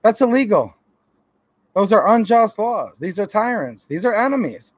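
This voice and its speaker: A man's voice: high-pitched, big pitch swings, moderate pace, no echo. A man from Michigan hosting a casual livestream, greeting viewers by name and giving his opinions in a friendly way. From Michigan, USA. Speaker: YouTube channel host. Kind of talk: casual livestream chat reading viewer comments.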